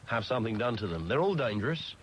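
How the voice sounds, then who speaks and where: A man's voice: medium pitch, big pitch swings, fast talker, low-quality recording. A male radio host bantering with his guests in a jokey way. His voice rises and falls a lot as he talks. A faint hiss from an old radio recording sits behind him. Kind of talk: casual radio chat. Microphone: studio microphone.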